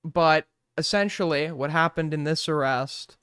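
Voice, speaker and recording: A man's voice: on the high side, unhurried, a bit bright, clean tone, dry recording, clean studio sound. A young man giving crude, sarcastic casual commentary as he reacts to clips, swearing freely. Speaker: streamer reacting to videos.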